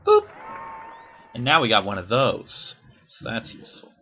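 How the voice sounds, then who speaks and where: A man's voice: lowish voice, moderate pace, pushed and bright, muffled recording, a little hiss or hum. A man rambling through casual gameplay commentary as a YouTuber, swearing freely and poking fun at himself. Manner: rambling, profane, self-deprecating.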